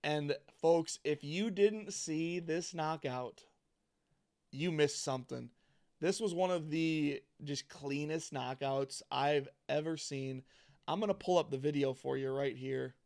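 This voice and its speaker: A man co-hosts a casual sports-chat podcast with an upbeat manner, laughing easily and hyping up his topics. His voice is on the high side, slow, creaky, and darkish in tone.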